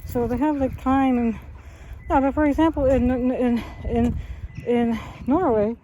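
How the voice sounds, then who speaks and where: A woman speaks alone to the camera in a slightly high, warm voice, steady and a little slow. The meandering monologue hops between subjects, with self-corrections, frequent fillers, and small laughs. The highs are cut off, and there's slight background noise.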